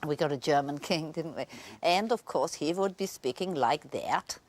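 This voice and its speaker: A woman's voice: deep voice, normal speed. A woman giving interview commentary in an amused, quizzical way.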